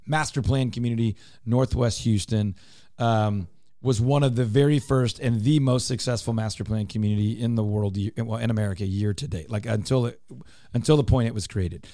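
A man's voice: lowish voice, brisk, mellow, dry recording, clean studio sound. A man hosting a talk radio show, explaining his points emphatically and repeating them for clarity. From Texas. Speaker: radio show host, real estate broker.

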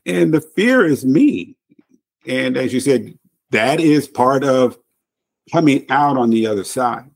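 A man's voice: mid-range voice, animated, takes it slowly, vocal fry. Earnest man telling a personal story. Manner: emotional, earnest, repeats words for emphasis. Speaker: podcast guest, author.

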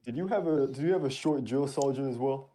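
Brief: male co-host, quick and mellow, casual and a little halting. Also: medium pitch. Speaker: podcast co-host. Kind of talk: casual chat.

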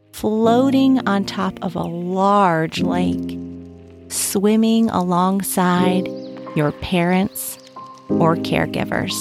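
A woman gently telling a guided story to young children and asking them questions as she goes. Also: fairly low pitch. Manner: gentle, asks the listener questions.

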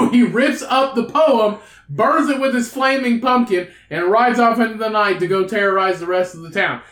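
A man's voice: sits high, moderate pace, a bit bright. A man co-hosting a podcast, telling a rambling, profane story in casual chat. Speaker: podcast co-host. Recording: roomy, echoey room.

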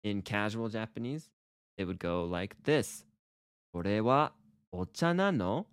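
A man with a low voice co-hosts a relaxed Japanese lesson podcast. He explains with playful energy and acts out example phrases. The sound is close and dry, with no room echo. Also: a little slow, clean tone. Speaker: co-host teaching Japanese. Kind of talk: casual language lesson podcast.

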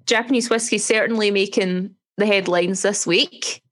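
A woman's voice: medium pitch, fairly even intonation, normal speed. Friendly Scottish woman podcast co-host. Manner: friendly, teasing, reads promos smoothly. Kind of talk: casual chat.

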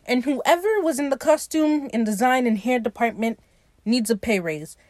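Excited woman gushing over a show. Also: a little high, normal speed, dry recording, studio quality. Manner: animated, gushing and swearing, acts out the characters' lines. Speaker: podcast host recapping a TV episode. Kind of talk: casual solo commentary.

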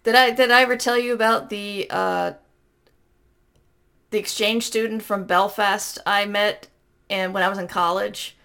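A woman's voice: medium pitch, expressive, measured pace, bright, forceful tone, clear, resonant tone. A woman from the American South with a Southern accent chats casually as a podcast co-host. She tells anecdotes and often catches and corrects her own words, in a mid-range voice. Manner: chatty, self-correcting anecdotes. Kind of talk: casual chat.

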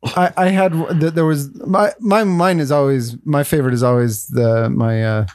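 Male podcast co-host, a touch higher pitched, easygoing and halting. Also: darkish tone, no echo, clean studio sound. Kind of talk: casual chat.

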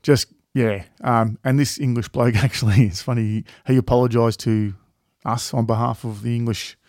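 A man's voice: medium pitch, steady tone, normal speed, a little mellow, no room sound, clean studio sound. A man with an Australian accent, co-hosting a podcast in casual chat, rambling with many fillers and frequent swearing. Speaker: podcast co-host.

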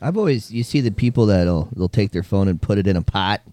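A man's voice: fairly low pitch, expressive, brisk, mellow, dry recording. A man co-hosting a casual podcast, chatting and telling stories with animation. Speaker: podcast co-host. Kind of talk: casual chat.

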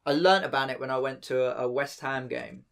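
A man's voice: mid-range voice, a little fast, fairly bright tone, clear, resonant tone. An English man co-hosting a casual chat, swearing freely and rambling through explanations. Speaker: podcast co-host.

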